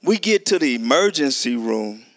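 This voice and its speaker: A man's voice: mid-range voice, very animated, normal speed, no echo. A middle-aged man preaching a testimony sermon, telling a story animatedly and acting out the dialogue. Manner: conversational, addresses listeners as y'all.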